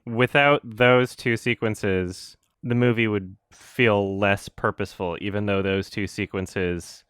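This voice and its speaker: A man's voice: lowish voice, steady tone, slow pace, a bit bright, clear, resonant tone, no echo, clean studio sound. A man co-hosting a podcast, chatting casually about a film, rambling and laughing often. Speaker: podcast co-host.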